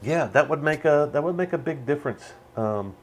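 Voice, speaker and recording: A man's voice: a little high, lively intonation, normal speed. A man hosting a casual, rambling commentary on a movie. He laughs often and swears now and then. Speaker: channel host.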